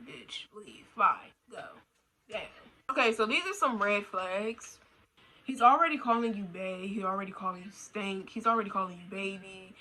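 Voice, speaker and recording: A woman's voice: medium pitch, bright, forceful tone, a little hiss or hum, poor audio. A young adult woman talking casually in a blunt, slangy, profane way, repeating her points for emphasis. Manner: repetitive, emphatic. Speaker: vlogger. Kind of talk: casual rant.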